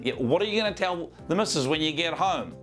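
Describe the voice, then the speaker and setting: A man's voice: on the high side, animated, brisk, a bit bright, soft background music. A man voicing a sceptical, sensible inner voice that questions and needles.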